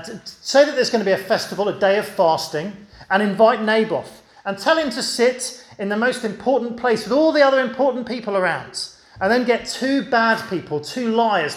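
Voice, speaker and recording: Man playing a brisk, ruthless queen, high voice, echoey church. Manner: brisk, commanding. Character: scheming queen, adult woman, ruthless.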